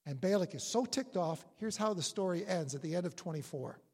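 A preacher delivers a sermon as lively storytelling, the pitch leaping around as they act out characters. The voice has a breathy, husky edge. It is captured with long reverb, as if in a large church hall. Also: a little fast. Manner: storytelling, animated retelling with acted-out quotes.

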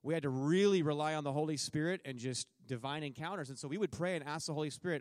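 A man's voice: a little high, fast, a little mellow, no echo, studio quality. A middle-aged man speaking to a church as a missionary, telling a story with jokes and acting out what people said. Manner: joking storyteller, acts out his own and others' words. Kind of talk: sermon testimony.

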